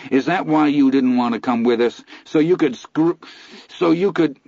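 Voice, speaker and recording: A man's voice: medium pitch, very animated, moderate pace, darkish tone, breathy edge, no echo, dull audio. A man narrator voicing a furious, weeping young man defying his family, his voice strained, raised and near breaking. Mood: anguished shouting.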